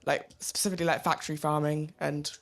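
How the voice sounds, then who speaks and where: A young woman in the audience asking a question nervously and haltingly, with frequent "like"s and hesitations. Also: deep voice, level tone, noisy background.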